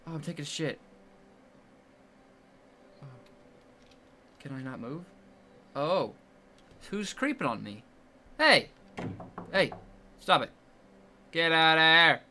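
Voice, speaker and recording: A young man giving jumpy commentary while playing a horror game, yelling at the monster chasing him. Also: fairly high pitch, lively intonation, takes it slowly, pauses often, a little hiss or hum. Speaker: gamer.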